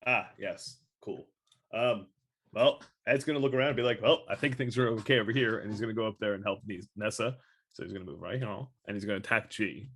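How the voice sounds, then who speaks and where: A man with a low voice describes his character's turn in a tabletop game. He keeps it relaxed and matter-of-fact as he goes through each move. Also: a little fast, slight background noise. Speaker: player.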